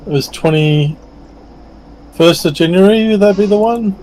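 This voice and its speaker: A man's voice: sits high, moderate pace, dark tone, a little hiss or hum, poor audio. A man chatting in a friendly way with gaming friends, rambling with lots of fillers. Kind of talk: casual chat while gaming.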